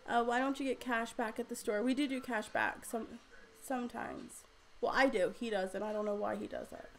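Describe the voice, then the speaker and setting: A woman's voice: on the high side, steady tone, normal speed. A young woman hosting a casual home livestream at a desk microphone, reading out viewer comments and chatting with lots of fillers and frequent laughs. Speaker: livestream host.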